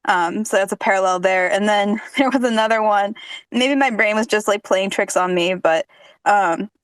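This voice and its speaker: Upbeat woman with a smooth voice. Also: medium pitch, moderate pace, poor audio. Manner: upbeat, agreeable chatter. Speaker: podcast panelist. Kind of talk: casual fan discussion.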